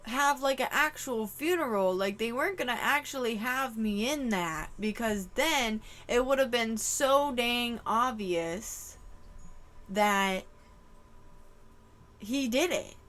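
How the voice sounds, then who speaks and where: A woman's voice: fairly high pitch, expressive, slow pace, a bit bright. A woman giving a casual channeled tarot reading to camera, emotional and exclaiming, swearing casually. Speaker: tarot reader.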